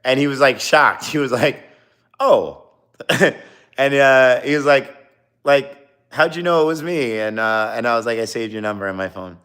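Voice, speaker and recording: A man's voice: medium pitch, normal speed, a bit bright, clean tone. A young man casually telling a long anecdote, rambling with many fillers and acting out quoted dialogue. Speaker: streamer. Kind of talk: casual storytelling.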